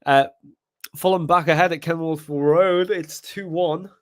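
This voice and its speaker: A man's voice: a little high, unhurried, dry recording, studio quality. A young man, chatting and reacting through a live match stream as a fan. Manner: rambling, excitable, sings chants. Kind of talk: casual live match commentary.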